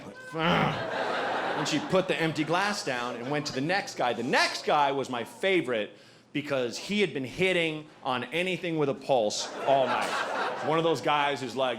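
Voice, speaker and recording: A male stand-up comic working a live room, his voice sitting a little high for a man. He bounces into character voices as he tells his stories, and steady crowd noise runs under every line. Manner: animated, shifts into acted character voices. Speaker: stand-up comedian. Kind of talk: stand-up comedy set. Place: comedy club before a live audience.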